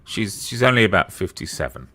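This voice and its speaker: A man's voice: on the low side, sing-song, a little fast, sharp tone. A man in casual chat, teasing with dry, mock-formal phrasing.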